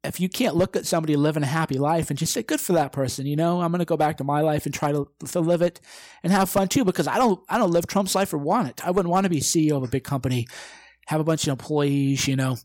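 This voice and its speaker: A brash middle-aged man talks through his podcast in a loose, combative monologue, swearing freely. His voice sits a little high for a man. The sound is dry and close, with no room echo. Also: quick pace, a little mellow. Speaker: podcast host. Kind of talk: casual monologue. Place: living room.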